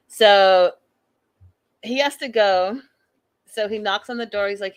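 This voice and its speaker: A woman hosting a casual reality TV recap, talking in an animated, exasperated, gossipy way. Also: medium pitch, slow, pauses often, smooth. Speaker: host.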